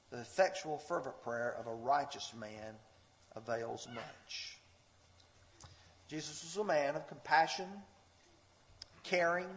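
A man with a fairly high, slightly bright voice preaches a sermon in a church sanctuary, earnest and fervent, reading scripture with mounting intensity. The recording carries a long hall reverb.

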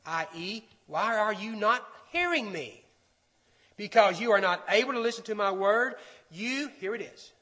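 A man preaching a sermon, emphatic and dropping to quiet, slow phrases for stress. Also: high-pitched, animated. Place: church auditorium. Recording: echoey hall with long reverb.

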